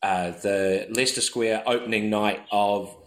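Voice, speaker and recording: A man's voice: lowish voice, unhurried, roomy sound, poor audio. A man, a podcast co-host telling anecdotes in casual chat, acting out other people's voices as he goes. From New Zealand. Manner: animated, acts out voices in anecdotes.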